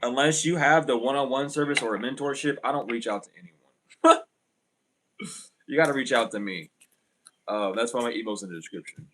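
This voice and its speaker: A man's voice: medium pitch, normal speed, pauses often, background noise. Rambling man doing a tarot reading. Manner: rambling, filler-heavy, blunt. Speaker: tarot reader. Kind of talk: casual livestream tarot reading.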